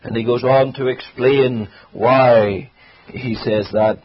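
A man preaching an earnest sermon, his husky voice rising for emphasis and sinking low. His phrasing slows to linger on key words. The broadcast sounds dull and lo-fi. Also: steady tone. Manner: earnest, swells and drops in volume for emphasis.

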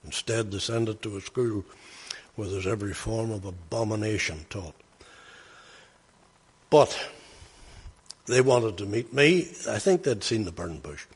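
Older preacher, husky, echoing hall. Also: male voice, lowish voice, animated, unhurried, long pauses. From Northern Ireland. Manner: folksy anecdotal storytelling, rising to emphatic bursts. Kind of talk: sermon storytelling.

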